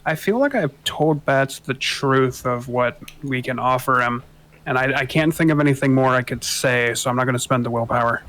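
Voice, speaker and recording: A man's voice: medium pitch, moderate pace, a bit bright. A man playing in a tabletop game, deliberating over his character's choices. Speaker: player.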